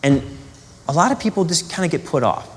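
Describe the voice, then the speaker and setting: A man giving a spiritual teaching in an animated, conversational way, asking rhetorical questions and acting out quotes. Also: on the high side, brisk, in a large hall.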